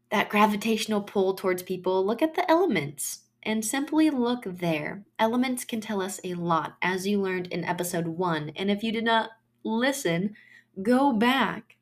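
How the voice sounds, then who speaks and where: Chatty woman podcast host teaching astrology. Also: medium pitch. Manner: chatty, personal storytelling with trailing phrases.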